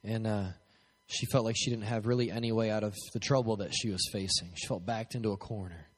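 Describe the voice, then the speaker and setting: A man's voice: lowish voice, steady tone, brisk, husky. Man preaching in a reverberant hall. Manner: joking, asks the crowd questions. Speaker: pastor. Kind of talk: sermon with prayer. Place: church hall, at a podium.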